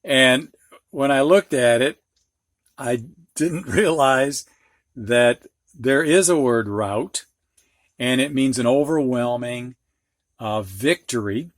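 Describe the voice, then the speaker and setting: Older male phonics teacher, unhurried and patient, recorded dry and close. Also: mid-range voice, no room sound. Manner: slow, patient, explaining with everyday examples. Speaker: reading teacher. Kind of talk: phonics lesson for students and teachers.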